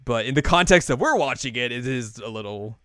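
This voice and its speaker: A man's voice: medium pitch, expressive, a little fast, fairly bright tone, no room sound, studio quality. A young man co-hosting a podcast, casually recapping an anime episode with lots of fillers and chuckles. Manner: rambling, many fillers, laughs while retelling scenes.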